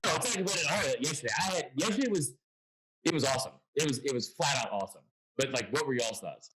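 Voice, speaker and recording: A man's voice: mid-range voice, lively intonation, fast talker, crowd noise, rough recording. A man from Atlanta hosting a casual sports panel by video call, telling stories with lots of restarts. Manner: rambling storyteller with many restarts. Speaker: sports show host.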